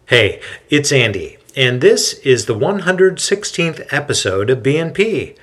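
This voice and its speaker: A man hosts a podcast and narrates in a dramatic, expressive way. His pitch rises and falls widely, and his voice is slightly husky. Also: a little slow. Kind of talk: scripted narration.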